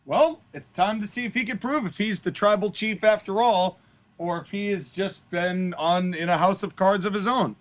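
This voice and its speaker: A man's voice: sits high, moderate pace. A man co-hosting a podcast, casually reacting to and critiquing a story. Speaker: podcast co-host.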